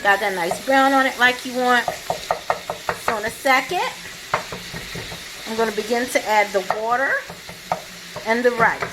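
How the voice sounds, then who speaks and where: A woman's voice: fairly high pitch, a little slow, pauses often, background noise. A woman vlogging her home cooking, chatting through each step as she shows the food. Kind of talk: cooking demonstration.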